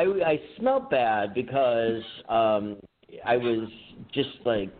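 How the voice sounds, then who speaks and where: A man co-hosting a podcast, telling a rambling, profane story in casual chat, laughing as he goes. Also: medium pitch. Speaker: podcast co-host. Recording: tinny phone-like line with faint hiss.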